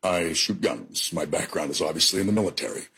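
A man answering an interview question in a measured, plain-spoken way. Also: deep voice, creaky, a bit bright, slightly rough. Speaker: interview guest.

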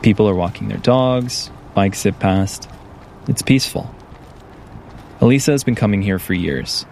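A man narrating a documentary report as the reporter, in a measured, calm storytelling manner. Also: lowish voice, gravelly, a little hiss or hum. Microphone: studio voice-over mic.

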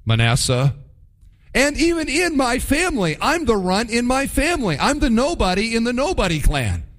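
A man's voice: very high-pitched, wildly swooping pitch, moderate pace, fairly bright tone, voice pushed up, exaggerated voice. A man preaching voices Gideon as a complaining young farmer, protesting and exasperated.

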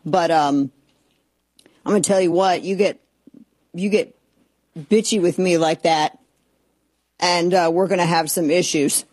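A woman's voice: fairly low pitch, steady tone, a little slow, pauses often, a little mellow, no echo. Sarcastic woman radio host. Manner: sarcastic, exasperated, mocking voices. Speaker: radio talk show host. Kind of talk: opinionated talk radio monologue. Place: radio studio, simulcast.

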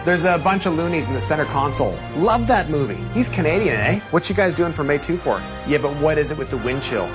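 A man playing a stereotypical Canadian guy in a comedy sketch, firing off quick one-liners that end in eh, with music behind. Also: on the high side, expressive, natural voice. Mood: chatty.

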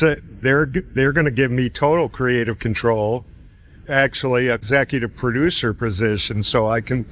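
A man casually telling a personal faith story, acting out the people he quotes and laughing now and then. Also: mid-range voice. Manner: animated, acts out quoted voices, laughs often. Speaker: storyteller sharing testimony.

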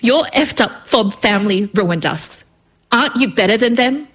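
A woman's voice: on the high side, expressive, normal speed, a bit bright, pitched above the performer's own voice. A woman voicing an angry young woman who bullies her girlfriend, seething between hiccups.

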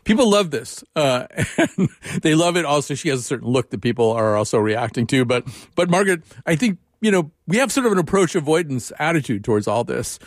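A man's voice: on the high side, big pitch swings, fairly quick, no room sound, clean studio sound. A man in his sixties hosting a radio interview, talking conversationally with frequent fillers and restarts. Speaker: radio show host.

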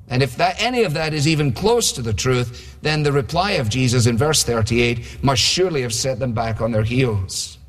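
A male preacher giving a sermon in a conversational way, often asking his listeners rhetorical questions. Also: medium pitch. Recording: long hall reverb.

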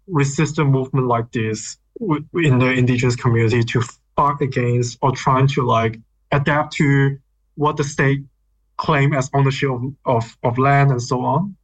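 A man's voice: medium pitch, poor audio. A man interviewing a guest, asking long thoughtful questions with fillers like "like" and "um".

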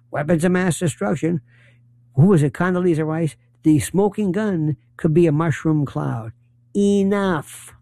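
A man's voice: on the high side, vocal fry, dark tone, no echo. A man giving an opinionated political monologue, emphatic and rambling, full of rhetorical questions.

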